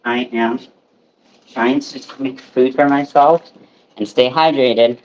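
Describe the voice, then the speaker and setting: A man's voice: mid-range voice, steady tone, slow, lo-fi sound. A man hosting a casual livestream from his kitchen, rambling with lots of fillers and restarts. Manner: rambling, filler-heavy, self-interrupting. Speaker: livestream host. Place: small home kitchen.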